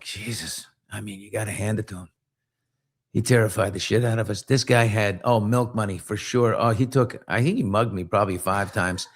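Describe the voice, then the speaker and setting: A middle-aged man hosts a podcast and tells a long story in a relaxed chat. He talks at an average pitch and acts out the people in it with lively put-on voices. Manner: animated, acts out voices in his stories. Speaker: podcast host.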